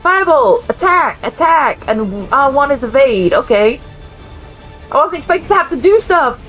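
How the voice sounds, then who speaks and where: A woman hosting a casual game reaction video, chatty and excitable, laughing often. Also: high voice, normal speed, soft background music. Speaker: gaming channel host.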